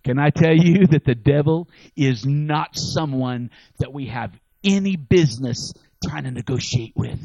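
A man preaching a sermon, telling stories and building to loud, emphatic exhortation. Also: medium pitch, unhurried, dry recording, highs cut off.

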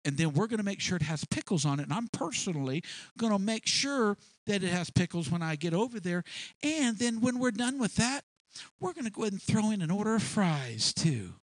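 High-voiced man preaching a storytelling sermon. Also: very animated, a little fast, no room sound. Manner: storytelling, acting out little scenes in varied voices.

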